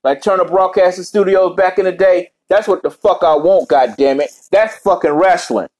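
Man, high voice, casual profane rant, rambling vlogger. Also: moderate pace, darkish tone. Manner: heavy swearing, rambling tangents.

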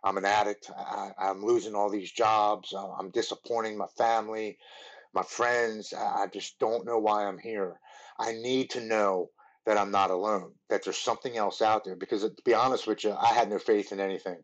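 A man in his forties from Maryland, a podcast guest telling his recovery story in an earnest, halting way, often restarting his words. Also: on the low side, steady tone. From Maryland, USA.

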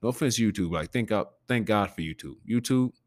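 A man with a gravelly growl in his voice, hosting a podcast in a loose, rambling and profane casual chat. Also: lowish voice, lively intonation, a little fast, no echo. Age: adult with a preteen nephew. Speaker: podcast host.

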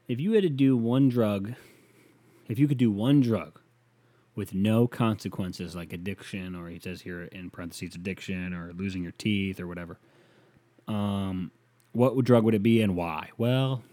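A solo podcast host with a fairly low voice answers listener email at a slightly slow pace. He rambles and swears, lurching between loud rants and muttered asides.

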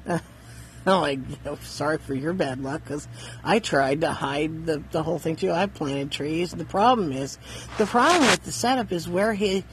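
A man living in a van, telling a rambling story in a casual, halting way, repeating words and laughing often. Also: a little high, fairly bright tone, a little hiss or hum, low-quality recording.

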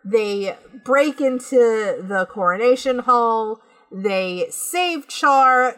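Animated, swearing woman podcast co-host. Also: on the high side, drawn-out words. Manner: animated, profane ranting. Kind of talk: casual chat.

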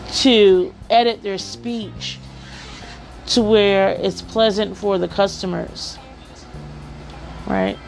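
Woman, podcast host, casual advice monologue, gravelly voice, chatty, keeps asking "okay?". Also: mid-range voice, darkish tone. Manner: chatty, checks in with "okay?" and "right?". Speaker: podcast host giving work-from-home advice.

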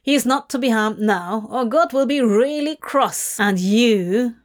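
A woman's voice: fairly high pitch, takes it slowly. A woman voicing a snarky, irreverent male demon who talks brashly and sarcastically, in a storybook reading. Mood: impatient.

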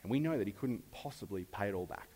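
A man preaching a sermon in a relaxed, conversational way, briefly acting out the lines of the people in the story. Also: lowish voice, fast talker, big-room sound. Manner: conversational, acts out characters' lines. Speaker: pastor.

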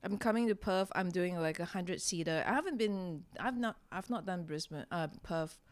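Chatty woman comedian, smooth voice. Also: on the low side, moderate pace. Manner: chatty, self-deprecating, laughs often. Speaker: stand-up comedian, guest. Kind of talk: casual interview chat.

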